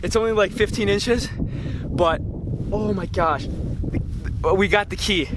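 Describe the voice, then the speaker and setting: A young man talking casually and excitedly while fishing from a boat on a lake, often exclaiming and swearing. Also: sits high, a little slow, noisy background. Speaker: vlogger. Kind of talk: casual outdoor fishing vlog. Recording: loud music under the voice.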